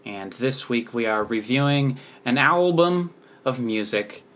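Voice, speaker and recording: A man co-hosting a podcast in casual chat, laid-back and dry with halting phrasing. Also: medium pitch, expressive, fairly bright tone, a little hiss or hum. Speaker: podcast co-host.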